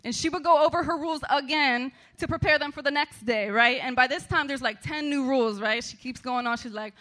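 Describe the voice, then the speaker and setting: Woman, storyteller, high pitch, bright tone, chatty, laughs often. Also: a little fast. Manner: chatty, laughing, many fillers like "like" and "right". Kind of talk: live storytelling performance.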